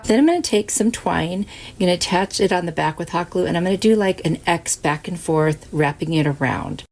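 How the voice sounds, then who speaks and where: A woman's voice: fairly low pitch, expressive, fairly quick, vocal fry, darkish tone, soft background music. A woman hosting a craft channel, chatting through each step of a project in a casual, upbeat way. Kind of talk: casual craft tutorial narration.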